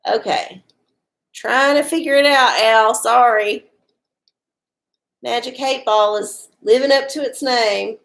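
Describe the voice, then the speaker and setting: A woman's voice: on the high side, slow pace, vocal fry, fairly bright tone. A woman hosting a casual livestream from home, chatty and profane, often laughing. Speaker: livestream host doing oracle readings. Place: home with dogs.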